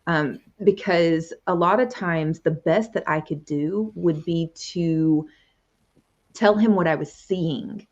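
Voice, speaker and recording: Earnest woman coach telling her story, low-ish voice, muffled lo-fi recording. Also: slow pace, a little mellow. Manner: earnest, reflective, often quotes past conversations. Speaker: conversation coach, interview guest. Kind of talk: personal storytelling in an interview. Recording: muffled lo-fi audio.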